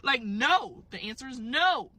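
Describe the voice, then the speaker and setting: A young woman with a high voice tells an angry story in casual conversation at a measured pace. She's animated and emphatic, swears, and mimics the people involved.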